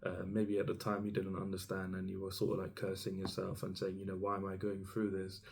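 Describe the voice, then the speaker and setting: A man's voice: low-pitched, monotone, brisk, creaky. A man giving an intuitive tarot reading straight to the listener as "you", meandering and hesitant, full of ums and restarts. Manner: speaks directly to the listener as "you". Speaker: tarot reader.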